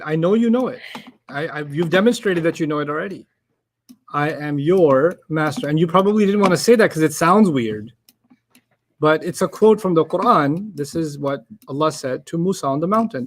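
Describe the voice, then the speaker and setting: A man's voice: on the high side, animated, a little fast. A man teaching an Arabic lesson to a class, playful and teasing, laughing often as he corrects a student.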